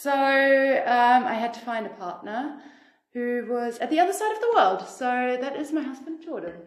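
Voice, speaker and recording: A woman's voice: high-pitched, lively intonation, normal speed, roomy sound. A young woman from Germany with a German accent touched by Australian English, chatting casually as a podcast guest and laughing often. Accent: German, with some Australian influence. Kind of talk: casual chat.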